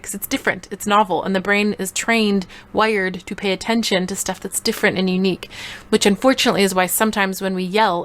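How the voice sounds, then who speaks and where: A woman parenting coach giving a short tips video in an energetic, playful way, acting out little examples. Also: medium pitch.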